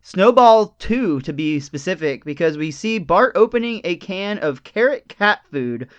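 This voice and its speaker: A man hosting a podcast, casually recapping scenes in a lively, storytelling way. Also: high-pitched, a little slow, highs cut off. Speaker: podcast host.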